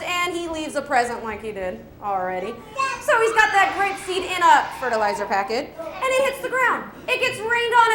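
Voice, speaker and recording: High-voiced woman teaching kids about animals. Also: a bit bright, roomy sound. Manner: upbeat, asks the audience questions, laughs often. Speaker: wildlife educator. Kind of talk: live animal presentation to an audience of children.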